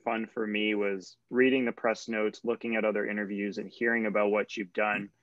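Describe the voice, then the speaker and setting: Man, low voice, dry, muffled lo-fi call audio, interviewer. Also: level tone, normal speed, fairly bright tone, no room sound. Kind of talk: interview questions. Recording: dull lo-fi remote call audio.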